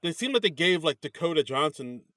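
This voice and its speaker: A man's voice: fairly high pitch, big pitch swings, a little fast, pushed and bright, dry recording, studio quality. A man co-hosting a podcast, rambling casually with lots of hedges and restarts while critiquing a comedy show. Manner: rambling, hedging with many likes and restarts. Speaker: podcast co-host. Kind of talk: casual comedy review chat.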